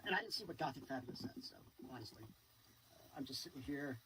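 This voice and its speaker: A man's voice: medium pitch, animated, fast talker. A man mocking someone on a livestream panel, repeating taunts in a sing-song, ridiculing way. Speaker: stream panel guest. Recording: distant mic with faint background noise.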